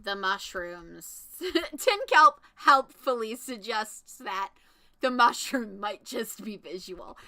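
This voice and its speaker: A woman streaming a browser game, chatting and reacting excitedly out loud as she plays. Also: fairly high pitch, takes it slowly. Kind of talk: casual live game stream commentary.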